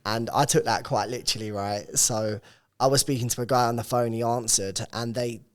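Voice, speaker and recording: A young man co-hosting a podcast, chatting casually and telling stories in quick, animated bursts. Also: mid-range voice. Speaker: podcast co-host.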